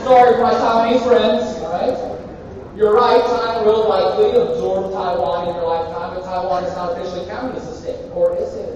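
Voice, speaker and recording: A man's voice: high-pitched, little pitch movement, brisk, darkish tone. A male university professor giving a live lecture, joking irreverently and quizzing his students in a large hall. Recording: echoey lecture hall from far off, dull.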